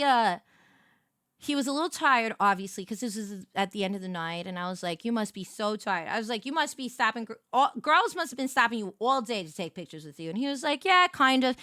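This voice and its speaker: A young woman streaming as a VTuber, telling a story in casual chat and greeting her viewers with big, bright jumps in her voice. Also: a little high, smooth, no room sound, clean studio sound.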